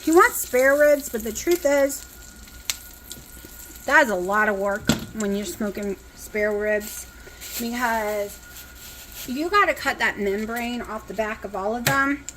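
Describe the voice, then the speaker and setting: A woman's voice: a little high, slow pace, a bit bright, slight background noise, poor audio. A woman with a Southern US country accent, chatting casually and rambling as she cooks, sounding exhausted. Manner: chatty, rambling, talks with mouth full at times. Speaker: cooking vlogger. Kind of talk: casual chat while cooking. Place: home kitchen, indoors. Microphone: phone.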